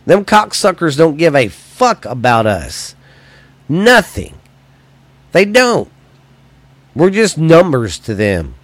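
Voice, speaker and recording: A man's voice: a little high, sing-song, a little slow, hardly any pauses, no echo. Profane, heated American man ranting. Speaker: podcast host. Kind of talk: solo political rant.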